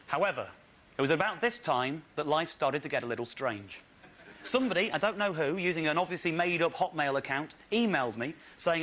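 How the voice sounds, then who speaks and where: A comedian on stage, telling an excitable, indignant comic story with slides. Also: male voice, on the high side, moderate pace. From Britain. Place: theatre stage.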